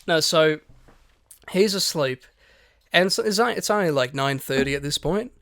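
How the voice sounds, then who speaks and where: Male podcast co-host, animated storyteller, highish voice, dry close sound. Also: moderate pace, no echo. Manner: animated storyteller, swears a lot, acts out quotes. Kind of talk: casual storytelling chat.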